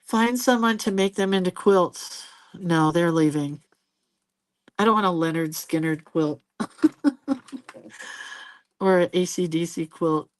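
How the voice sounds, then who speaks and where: Chatty older woman with a low, dry voice. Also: takes it slowly, long pauses, no echo. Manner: chatty, laughs often, jumps between stories and viewer comments. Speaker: host of a live drawing stream. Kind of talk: casual chat while drawing on a live stream.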